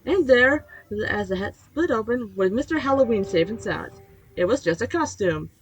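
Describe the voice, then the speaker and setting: A woman reading a spooky children's storybook aloud, animated, teasing her young viewers between pages. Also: on the high side, normal speed, poor audio. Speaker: channel host reading aloud. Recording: music playing behind.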